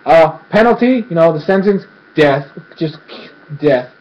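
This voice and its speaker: A man's voice: on the high side, lively intonation, measured pace, darkish tone, dull audio. A man voicing a blunt, bored judge who hands out verdicts offhandedly in slang. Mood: offhand.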